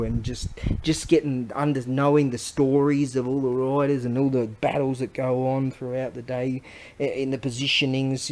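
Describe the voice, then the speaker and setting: A man with an Australian accent, rambling casually and excitedly as he shows off items he sells. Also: mid-range voice, slight background noise, rough recording. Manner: rambling, excitable, slangy, with frequent restarts. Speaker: online seller showing items. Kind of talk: casual rambling show-and-tell.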